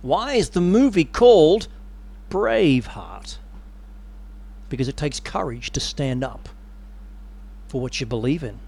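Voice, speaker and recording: A man preaching a sermon with animated, dramatic storytelling. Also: on the high side, a little slow, vocal fry, long pauses, slightly rough.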